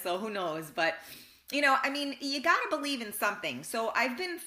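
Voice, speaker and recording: A talk show host with a bright, clear-edged voice rambles through a story, restarting her sentences and dropping the odd curse. The room around her rings with a noticeable echo. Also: on the high side, very animated, fairly quick. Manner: rambling, chatty, with frequent restarts and mild swearing. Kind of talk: casual storytelling monologue. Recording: roomy echo.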